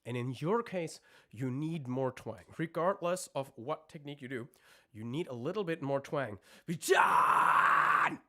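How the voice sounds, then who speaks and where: Here a vocal coach works with singers during a live stream; his speech is halting as he hunts for the right words, and he pauses to show off screams and vocal techniques. He has an expressive, mid-range voice.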